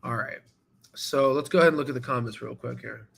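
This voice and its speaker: A man hosting a stock trading channel, talking casually and excitably while going through charts, swearing now and then and repeating himself as he rambles. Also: mid-range voice, brisk, vocal fry, slightly rough. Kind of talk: casual screen-share market commentary.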